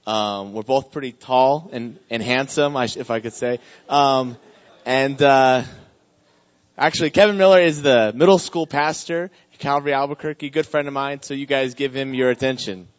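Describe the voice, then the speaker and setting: A man casually introducing a guest speaker to a church group, joking and relaxed. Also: mid-range voice, normal speed, muffled recording.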